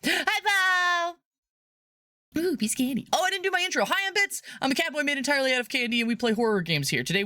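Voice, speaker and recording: A woman streamer chatting casually on a live stream, rambling, playful and laughing often, sometimes breaking into high squeals. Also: pushed and bright, no echo, clean studio sound. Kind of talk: casual livestream chat.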